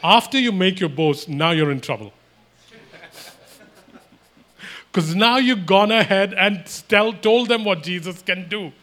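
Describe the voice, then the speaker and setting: Male preacher, voice on the higher side, emphatic, sermon delivery. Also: lively intonation, slow, long pauses, a bit bright. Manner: emphatic, repetitive, voices imagined exchanges.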